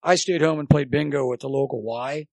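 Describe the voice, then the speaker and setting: Gravelly man telling sports stories. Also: medium pitch, a little fast, no room sound. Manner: chatty, animated storyteller. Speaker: guest, former college baseball coach. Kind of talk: rambling anecdotal storytelling.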